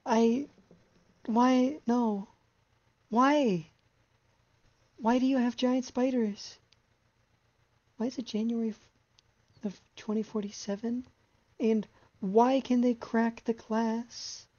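A woman's voice: fairly high pitch, steady tone, takes it slowly, long pauses, a little mellow, dull audio. A young woman streamer giving live commentary on a horror game, rambling anxiously and exasperatedly about how much she hates what she sees.

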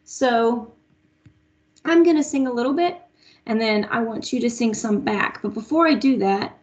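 A woman's voice: fairly high pitch, moderate pace, a little mellow. A young woman music teacher leading an online lesson for small children, patiently singing short lines for them to echo back. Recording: lo-fi online class audio.

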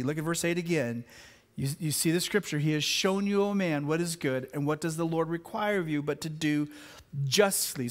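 A high-pitched man preaches a sermon as pastor. He shifts between loud, excited outbursts and slow, quiet stress on key words. He often stumbles and repeats himself as he builds a point. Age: adult with children.

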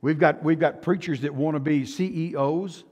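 Older man, Texan accent, pastor, passionate sermon, high-pitched, long hall echo. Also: steady tone, normal speed, lo-fi sound. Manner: impassioned, swings from hushed to loud, repeats words. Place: church sanctuary. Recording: long church hall reverb.

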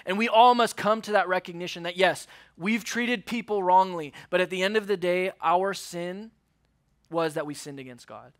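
A young man preaching a sermon to a youth group in earnest, acting out the quotes and dropping to a hush on key words. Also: high-pitched, normal speed. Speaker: youth pastor. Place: church youth service.

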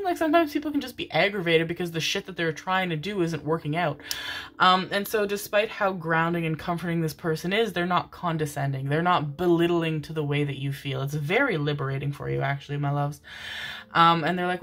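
A woman's voice: deep voice, brisk, fairly bright tone. A woman giving a casual, rambling tarot reading, affectionate and loose, with frequent fillers and casual swearing. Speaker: tarot reader. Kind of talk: casual intuitive reading monologue.

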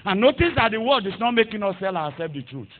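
A man preaching a fervent sermon, moving between hushed asides and loud shouted exhortation. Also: high voice, sing-song, fast talker, narrow, tinny audio.

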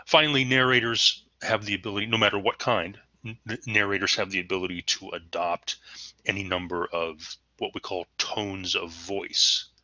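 Bright-voiced man lecturing. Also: sits low, fairly even intonation, normal speed, dry recording, dull audio. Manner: conversational, with fillers and playful acted examples. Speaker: teacher. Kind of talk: recorded lecture.

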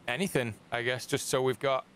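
A man's voice: medium pitch, fairly even intonation, a little fast, fairly bright tone, clear, resonant tone. A man hosting a casual co-op survival game session, teasing his friend and laughing often. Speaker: gaming channel host. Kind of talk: casual co-op gameplay chat.

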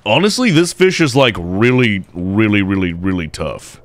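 A young man giving jokey, excitable let's play commentary as he plays, cheering on his fish and breaking into shouts. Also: on the low side, moderate pace, hardly any pauses, slight background noise. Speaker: gameplay commentator.

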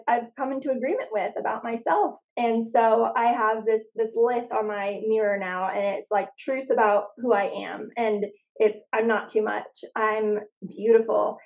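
Her voice is on the high side and the sound is lo-fi. She's a young adult woman from Phoenix, Arizona, USA, appearing as a guest in a casual faith-centered conversation and telling stories chattily, saying "like" a lot.

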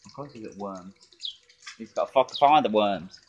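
A man with a fairly low voice rants and swears in a casual vlog. He taunts his critics between sips. He is recorded outdoors in a garden with a faint hiss of noise behind him. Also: moderate pace, a little mellow, dull audio. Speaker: drinking vlogger.

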